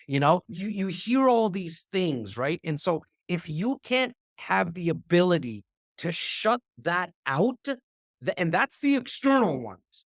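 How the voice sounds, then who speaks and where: A man speaking as a podcast guest in a casual, animated conversation, often repeating words as he talks. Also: fairly high pitch, normal speed, dry recording, clean studio sound. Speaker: real estate investor and speaker. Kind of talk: casual interview chat.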